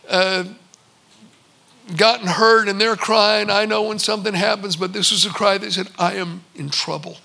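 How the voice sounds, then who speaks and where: Older male pastor preaching, high bright voice with some gravel, stretches key words out slow. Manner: storytelling, with slow emphatic pauses. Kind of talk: sermon.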